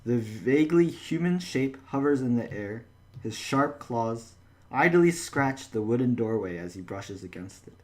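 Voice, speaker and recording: A man narrating as game master, in a halting way with frequent restarts. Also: medium pitch, animated, darkish tone.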